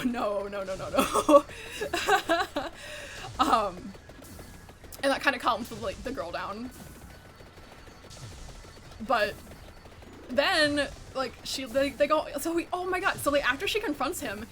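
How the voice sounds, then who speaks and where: A woman's voice: high-pitched, pushed and bright. A young adult woman streaming a game, chatting casually and animatedly, swearing freely and saying "like" a lot. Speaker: VTuber streamer. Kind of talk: casual chat while gaming.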